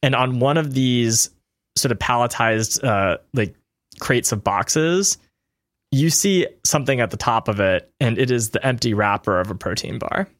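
A man's voice: medium pitch, expressive, a little slow, dry recording, clean studio sound. A man narrating as game master, loose and hesitant, with fillers and light laughs.

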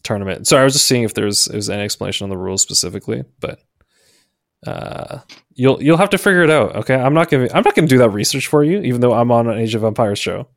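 A man's voice: medium pitch, fast, no echo, studio quality. A man hosting a casual chat show, laughing often and hesitating with fillers. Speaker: podcast host.

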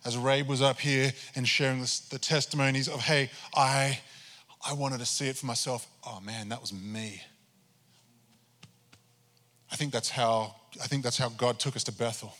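A man's voice: medium pitch, fairly even intonation, moderate pace, pushed and bright, big-room sound. A pastor preaching a sermon, telling his own story with animation and acting out his prayers to God. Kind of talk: sermon testimony.

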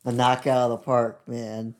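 A man's voice: medium pitch, completely flat delivery, moderate pace. A man in a casual chat, answering his co-host with dry, joking comebacks.

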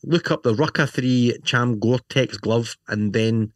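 A man's voice: medium pitch, a little slow, no echo, studio quality. A man co-hosting a casual chat, rambling and joking, often asking "right?". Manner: jokey, rambling, lots of "you know" and "right?". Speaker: podcast co-host. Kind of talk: casual chat about motorcycle gear.

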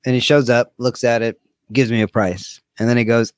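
A man in casual chat, easygoing and supportive, telling his own story in a measured way. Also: medium pitch, steady tone, dry recording. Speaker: podcast co-host.

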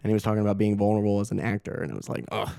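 A man's voice: lowish voice, racing, gravelly, clean tone, no echo, clean studio sound. A young adult man, a guest actor, telling a story casually and acting out the quotes with laughs. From Augusta. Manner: animated, laughing, acts out quotes.

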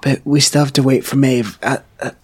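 A man's voice: mid-range voice, fairly quick, slightly rough. A man playing a tabletop game, joking and describing his character's actions. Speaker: player. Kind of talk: casual tabletop role-play.

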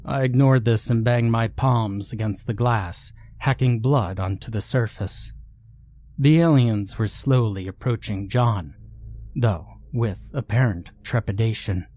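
A man narrating a scripted horror story in a measured, hushed storytelling way. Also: fairly low pitch, slight background noise.

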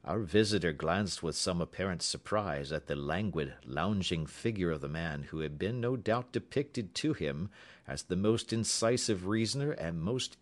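Man, audiobook narrator, very deep voice, expressive pitch, steady reading. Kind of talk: storybook reading.

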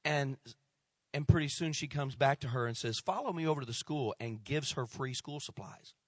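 A middle-aged male pastor telling a story in a sermon, acting out the people he quotes and dropping to a hush at tense moments. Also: mid-range voice, moderate pace, dry recording. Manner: animated storyteller, acts out quoted voices, drops to hushed tones.

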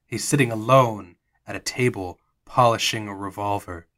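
A man's voice: fairly low pitch, moderate pace, bright, forceful tone. A man narrating and improvising as game master of a tabletop role-playing game.

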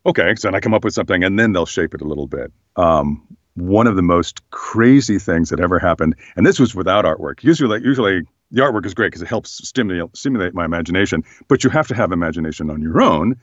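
Very deep-voiced man, slightly hoarse. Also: fast, no echo, lo-fi sound. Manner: relaxed, thoughtful, many fillers. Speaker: voice actor guest. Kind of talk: casual interview chat.

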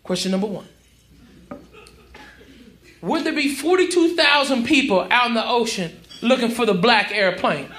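A male stand-up comedian performing a brash, profane, mocking set on a comedy club stage, shouting his punchlines. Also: very high voice, animated, normal speed, pauses often. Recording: live club recording, roomy, crowd noise. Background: audience laughter.

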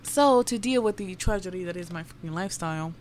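A woman's voice: on the low side, expressive, quick pace, noisy background. A young woman hosting a podcast, ranting candidly and rambling, swearing freely and dropping Spanish phrases. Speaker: podcast host. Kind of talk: casual personal rant.

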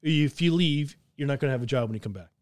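A man's voice: medium pitch, quick pace, no echo. A man from southern Ontario, hosting a podcast and telling profane stories with lots of laughter. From southern Ontario, Canada. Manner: profane, laughing, animated storyteller. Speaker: podcast host. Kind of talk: casual storytelling.

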